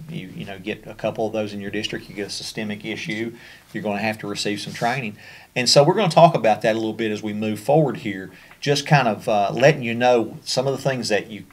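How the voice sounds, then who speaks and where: Kentucky guy walking folks thru a training, lowish voice, easygoing and full of fillers. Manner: conversational, many fillers and restarts. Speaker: special education trainer. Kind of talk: training presentation over slides.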